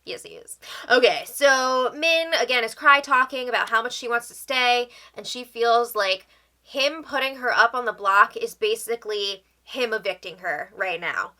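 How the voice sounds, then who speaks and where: A woman hosts a casual recap of a reality show, talking things through in a chatty way with opinionated asides. Her voice sits somewhat high and sounds bright and forceful. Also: moderate pace.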